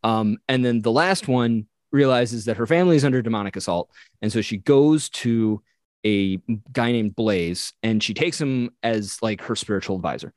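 A man casually retelling a medieval legend on a podcast, animated and acting out the characters he quotes. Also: fairly low pitch, normal speed, dry recording. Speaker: podcast co-host. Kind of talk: casual storytelling chat.

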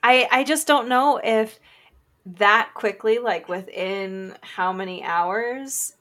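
A woman's voice: fairly high pitch, slow pace, a bit bright. A woman co-hosting a casual anime discussion podcast, giggly and laughing through her stories. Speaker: podcast co-host.

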